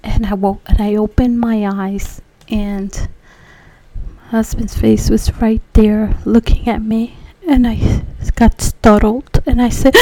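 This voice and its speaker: Animated woman telling a faith testimony. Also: fairly high pitch, unhurried. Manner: animated, drops to hushed whispers, then emphatic. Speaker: person giving a testimony. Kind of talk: personal faith testimony storytelling.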